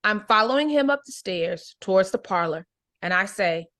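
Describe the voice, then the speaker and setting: A woman teaching an adult English book club, reading a novel aloud and then explaining it slowly and clearly. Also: mid-range voice, lively intonation, a bit bright. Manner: slow, clear teacher explanations with check-ins.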